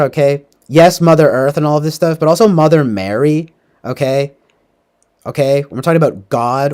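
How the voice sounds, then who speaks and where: A young man casually recapping a movie, rambling with lots of fillers. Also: on the high side. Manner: rambling, filler-heavy, animated. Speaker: podcast host.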